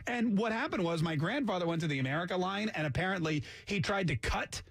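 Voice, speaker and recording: Husky, high-voiced talk radio host. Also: male voice, expressive, fast talker, a bit bright, no room sound. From Canada. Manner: sarcastic, mocks accents with jokey asides. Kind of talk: casual talk radio monologue. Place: radio studio.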